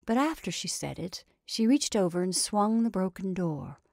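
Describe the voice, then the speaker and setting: A woman reading a story aloud in a measured, dramatic way. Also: mid-range voice, very animated, vocal fry, a little mellow, no room sound, studio quality.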